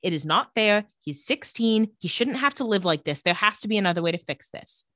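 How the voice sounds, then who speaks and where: A woman co-hosting a podcast, recapping a TV episode in casual chat and retelling scenes in a flat, lowered voice. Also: a little fast, no echo, studio quality.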